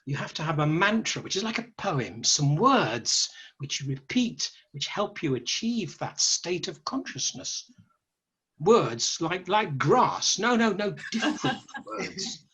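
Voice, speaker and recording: A man voicing a smooth-talking, scheming male crow who lectures in a persuasive, smug way. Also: sits high, very animated, unhurried, a bit bright, pitched above the performer's own voice, full character voice. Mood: lecturing.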